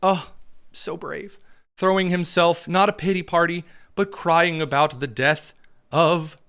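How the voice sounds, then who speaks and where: A man's voice: a little high, fairly even intonation, a little slow, fairly bright tone, smooth. A man hosting a political commentary show, talking in a sarcastic, mocking way. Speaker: podcast host.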